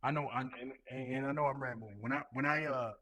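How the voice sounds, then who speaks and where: A man in his thirties, a Marine recruiting leader and podcast guest, telling stories in a profane, animated way full of repetitions. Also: medium pitch, fast, poor audio. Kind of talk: casual podcast chat.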